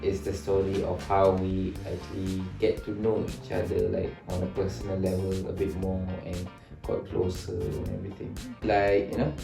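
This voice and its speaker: A man's voice: low voice, completely flat delivery, normal speed, gravelly, roomy sound, music in the background. Easygoing man chiming in with "yeah". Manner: agreeable, fills in with frequent "yeah". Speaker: vlog co-host. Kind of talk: casual chat.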